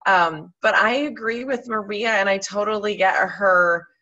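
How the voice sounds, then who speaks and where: Woman team member, exhausted but upbeat, casual call chat; dull, low-fi audio. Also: a little slow, pushed and bright. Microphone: video call.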